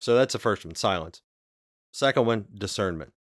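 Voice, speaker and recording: A man's voice: lowish voice, lively intonation, normal speed, dry recording. Hedging male podcast co-host, dry sound. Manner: hedging, with many fillers and restarts. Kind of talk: casual discussion.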